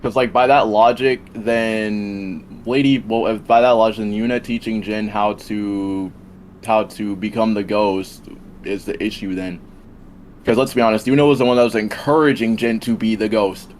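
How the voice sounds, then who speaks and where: A man's voice: on the low side, steady tone, moderate pace, slight background noise. A man making a rambling, repeating case in a casual debate over a voice call. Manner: rambling, repeats and restarts while arguing.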